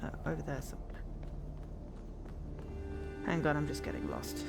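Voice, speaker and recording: Chatty lively woman streamer. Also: low-pitched, normal speed, creaky, loud music behind the voice. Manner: chatty, self-deprecating, thinks aloud while playing. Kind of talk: casual gameplay co-stream chat.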